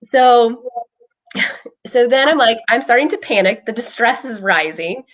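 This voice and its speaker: A woman's voice: on the high side, animated, measured pace. A woman speaking as a behavioral health clinician, casually telling a personal story with frequent ums. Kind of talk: casual explanatory chat.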